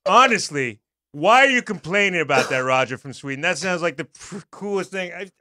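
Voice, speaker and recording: A man's voice: high-pitched, very animated, normal speed, pushed and bright. A man co-hosting a casual comedy show, reading a listener's message aloud and riffing on it with frequent laughs. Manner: jokey, reads aloud and riffs, laughs often. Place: studio.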